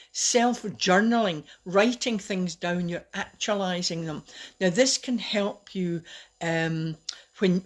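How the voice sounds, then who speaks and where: A middle-aged woman giving a casual, personal live talk as host, chatty and open, laughing at herself now and then. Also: on the low side. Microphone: webcam or phone on a live stream.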